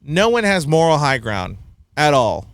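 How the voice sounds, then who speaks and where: A man's voice: fairly high pitch, sing-song, a little slow, fairly bright tone, no room sound. A man hosting a casual film review chat, blunt and opinionated, often laughing at his own points. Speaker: podcast host reviewing a film.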